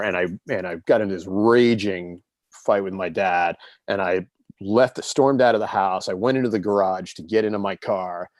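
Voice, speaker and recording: A man in his fifties with a lowish voice tells stories as an interview guest, in an earnest and reflective tone. The sound is dry and close, with no room around it. He talks in a loose, casual way. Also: moderate pace, dry recording. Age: 50s. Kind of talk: casual conversational storytelling.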